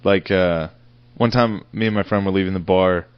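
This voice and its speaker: A man with a low voice co-hosts a crude comedy podcast and needles his partner with teasing, profane jabs. The sound is dry and close, with no room around it. The audio is dull and lo-fi. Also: steady tone, normal speed, clean tone, no room sound. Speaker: podcast co-host.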